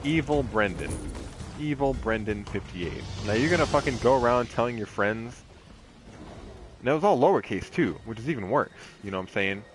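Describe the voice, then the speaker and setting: A man's voice: mid-range voice, animated, a little fast, background noise. A young man casually commentating while he streams a game, rambling off on tangents in a laid-back, heavily profane way. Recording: game music playing behind the voice.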